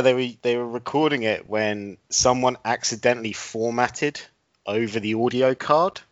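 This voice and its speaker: A man hosting a casual comedy chat, telling made-up stories in a deadpan way. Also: fairly low pitch, no room sound, muffled recording. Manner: deadpan absurd storytelling. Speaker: podcast host.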